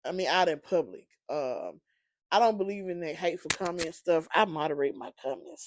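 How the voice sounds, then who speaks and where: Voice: mid-range voice, very animated, moderate pace, a little hiss or hum. Sleepy podcast host rambling. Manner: rambling, conversational, many fillers. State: sleepy, yawning. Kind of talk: casual solo podcast monologue.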